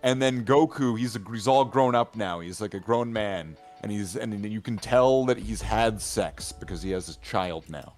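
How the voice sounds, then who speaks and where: A man's voice: lowish voice, normal speed, hardly any pauses, darkish tone, soft background music. Rambling man telling a story among friends. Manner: rambling, filler-heavy storytelling, constantly asking "right?". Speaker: hobby gaming channel regular. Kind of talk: casual chat among friends.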